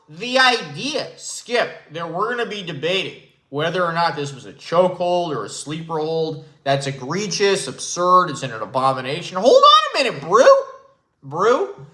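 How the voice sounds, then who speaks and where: A man doing a shrill, indignant sports debate host. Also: reverberant, exaggerated voice. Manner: shouted, high-pitched outbursts. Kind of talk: comedic impression.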